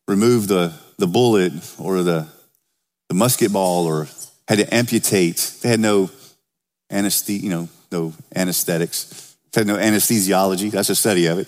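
A pastor preaches a sermon in a church sanctuary, speaking conversationally to his congregation and raising his voice when he reads scripture. His voice sits on the low side and carries the sound of a large hall.

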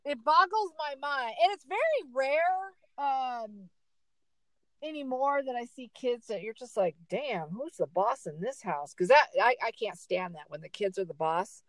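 A middle-aged woman telling a story in casual chat, emphatic and animated. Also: unhurried, no echo, low-quality recording. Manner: animated, emphatic storyteller with big swings in pitch.

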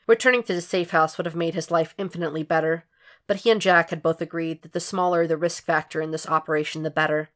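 Woman audiobook reader, low-pitched, steady storytelling. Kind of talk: fan fiction audiobook narration.

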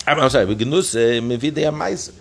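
A man's voice: medium pitch, lively intonation, brisk, gravelly. A middle-aged man teaching a daily Talmud page lesson, reading each phrase and explaining it in plain words, often correcting himself as he goes.

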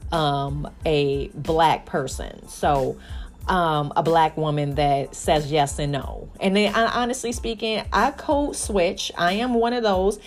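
A woman's voice: low voice, takes it slowly, faint music behind. A middle-aged woman from Chicago hosting her own podcast, talking candidly in a rambling way with many restarts and fillers. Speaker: podcast host. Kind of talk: casual solo podcast monologue.

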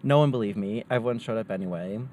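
A young man casually telling a wild story from his high school days, acting out the voices of the people in it. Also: quick pace, slight background noise. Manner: animated, acts out quoted voices. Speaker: storyteller guest.

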